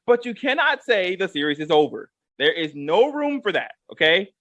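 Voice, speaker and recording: A man with a high, very animated voice, ranting about sports. He repeats himself for emphasis and keeps asking "okay?" The recording is dry and close. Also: normal speed, no echo, muffled recording. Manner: emphatic and repetitive, drives points home with "okay?". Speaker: co-host giving a rant segment. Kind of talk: heated sports rant.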